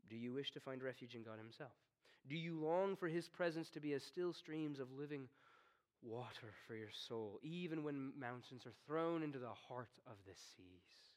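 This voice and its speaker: A man preaching a sermon, swinging from hushed, slow tones to stern, rising commands. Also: medium pitch, lively intonation. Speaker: pastor.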